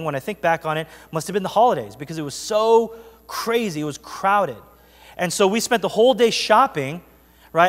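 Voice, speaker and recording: A male pastor preaching with an animated, chatty storytelling manner, checking in with the congregation as he goes. His voice sits a touch higher than most men's. A long reverb trails each phrase through the church sanctuary. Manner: animated storytelling with frequent "right?" asides. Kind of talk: sermon.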